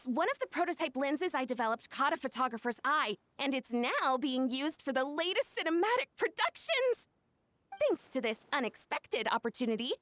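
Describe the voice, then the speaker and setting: A woman voicing an excitable young inventor hosting an event in a video game, talking in a bubbly, giggly way. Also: sits high, no echo. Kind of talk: video game cutscene dialogue.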